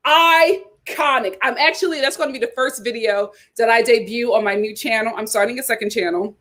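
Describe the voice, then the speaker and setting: An animated woman hosts her own channel and chats casually with her viewers. Her voice sits a little high, and she laughs easily between thoughts. It sounds like she is talking to a camera at home. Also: quick pace. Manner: animated and chatty, laughs often. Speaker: YouTube host.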